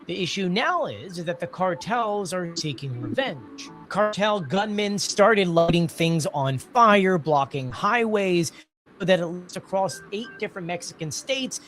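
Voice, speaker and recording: A speaker delivering a news report in a steady reporting manner. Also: medium pitch.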